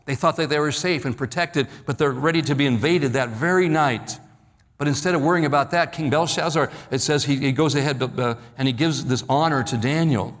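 A man preaching a sermon in an emphatic, measured way, slowing down and dropping his voice on key words. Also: mid-range voice. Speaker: pastor. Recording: long hall reverb.

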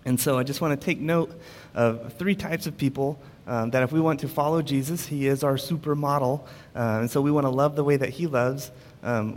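A man preaching a sermon in a relaxed, conversational storytelling way, with frequent fillers. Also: mid-range voice, in a large hall.

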